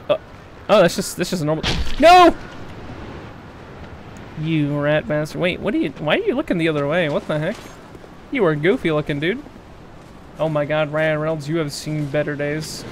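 A man's voice: on the high side, brisk, a little hiss or hum. A young man commenting live on his gameplay, yelping and pleading in danger and joking with sarcastic bravado. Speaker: streamer.

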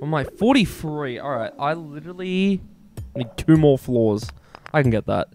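A man's voice: fairly high pitch, expressive, normal speed, loud music behind the voice. A young Australian man giving rambling, profane, self-mocking commentary over his own gameplay. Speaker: gaming YouTuber.

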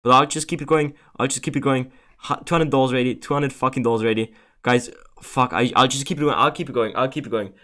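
A man's voice: medium pitch, fast, a bit bright. A young man giving casual commentary over a betting game, agitated, swearing and pleading over and over. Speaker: gaming streamer.

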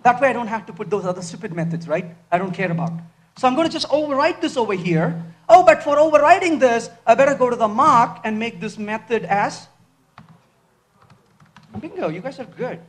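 A man giving a lively live technical talk, asking his audience question after question as he codes on stage. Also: very high voice, fairly quick. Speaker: conference speaker. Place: large conference hall. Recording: echoey hall from far off.

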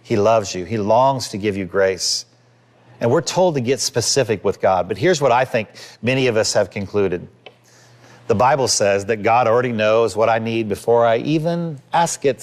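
A man's voice: mid-range voice, normal speed, a little mellow. A man in his fifties, a pastor giving a sermon in an earnest, conversational way, acting out little quotes.

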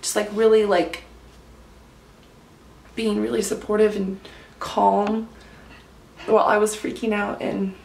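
A woman's voice: mid-range voice, little pitch movement, takes it slowly, vocal fry, long pauses, a little mellow, echoey room, a little hiss or hum. A woman vlogger telling a personal story to camera in a gushing, casual way, filling her talk with "like". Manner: gushing, heavy use of "like".

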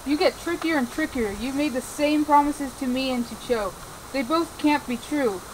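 A woman's voice: high voice, moderate pace, a little hiss or hum, lightly acted, low-quality recording. A woman playing a hurt, indignant young witch who accuses her friends. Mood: accusing.

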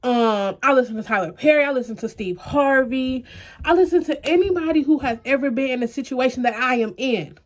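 A woman's voice: sits high, a little fast. Earnest young woman, near tears. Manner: earnest, talks straight to viewers as y'all. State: close to tears, eyes puffy. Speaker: vlogger. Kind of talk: emotional personal vlog to camera.

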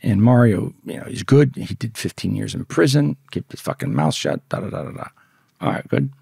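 A man with a gravelly, rough voice talks bluntly and profanely as a podcast guest. He tells his story casually and acts out the other people's lines as he goes. The sound is dry, with no room in it. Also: fairly low pitch, very animated, fairly quick, warm tone, no echo. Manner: profane, blunt, re-enacts dialogue.

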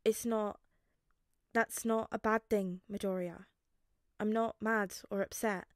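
Gentle, hesitant teenage boy soothing a friend, read by a woman narrator in a fanfic audiobook; dry, close recording. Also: medium pitch, fairly even intonation, takes it slowly, no echo, close to an everyday voice. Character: quiet, guarded teenage boy comforting a friend.

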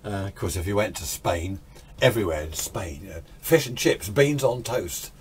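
A man's voice: on the low side, lively intonation, normal speed, slight background noise. An older man chatting casually and rambling with chuckling asides. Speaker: hobbyist video host. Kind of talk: casual chat.

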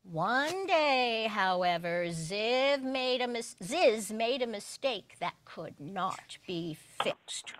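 A woman giving an animated, expressive children's story reading at a worship service. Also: fairly high pitch.

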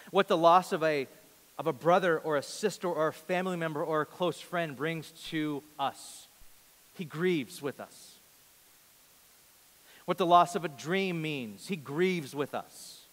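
A man in his thirties preaching a sermon in a large church, earnest, rising to loud emphasis and dropping to a hush. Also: a little high, long reverb tail. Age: 30s. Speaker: pastor.

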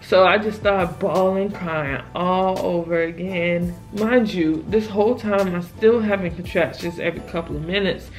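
A woman's voice: lowish voice, normal speed, few pauses, faint music behind. A young woman vlogger telling her own story in a casual, emphatic and exasperated way, often dropping "child" as an aside.

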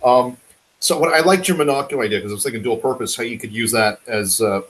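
A man's voice: medium pitch, fast, fairly bright tone, a little hiss or hum, poor audio. A man hosting a casual podcast, joking and teasing his co-hosts. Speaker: podcast host. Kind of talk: casual chat.

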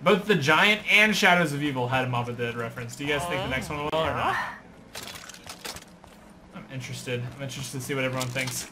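A young man giving excitable live commentary on gameplay and chatting with viewers. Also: mid-range voice, fast talker, slight background noise. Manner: excitable, chatty, reads viewer messages aloud. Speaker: gaming streamer.

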